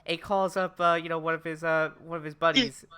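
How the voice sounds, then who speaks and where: A man's voice: on the high side, level tone, a little fast, sharp tone, smooth. A man co-hosting a podcast in casual chat, rambling through a recap with many fillers. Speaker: podcast co-host.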